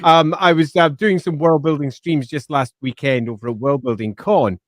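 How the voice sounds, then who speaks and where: A man chatting casually as a regular on a stream, playful and quick to laugh. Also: a little high, dry recording. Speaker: regular panelist. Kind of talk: casual livestream chat.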